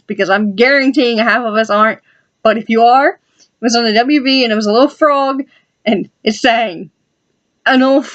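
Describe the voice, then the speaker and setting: A woman's voice: fairly high pitch, fairly bright tone, lo-fi sound. A woman vlogger chatting casually and with enthusiasm as she flips through her journal, adding asides to her viewers. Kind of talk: casual rambling chat.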